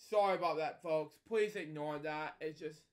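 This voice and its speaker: A man casually reading a picture book aloud as a storytelling host, stumbling over words and wandering into rambling asides at home. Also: fairly high pitch.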